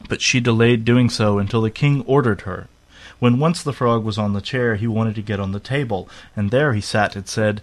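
A man's voice: medium pitch, moderate pace. Man reading a fairy tale aloud. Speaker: narrator.

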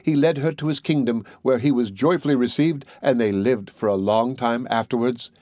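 A man narrating a fairy tale as an audiobook reader, in a measured, even reading. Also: medium pitch, no echo, clean studio sound. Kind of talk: storybook narration.

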